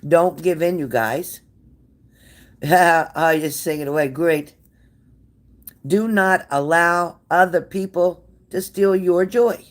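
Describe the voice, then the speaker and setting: A woman's voice: on the low side, takes it slowly. Sassy, blunt woman streaming to viewers. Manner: blunt, sassy and swearing, reading out viewer comments. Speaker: livestream tarot reader. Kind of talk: casual livestream chat with viewers.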